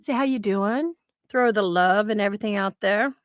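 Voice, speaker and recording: A woman's voice: medium pitch, normal speed, dry recording, studio quality. A woman hosting a casual livestream, chatting, swearing freely and greeting viewers from the chat. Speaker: livestream host.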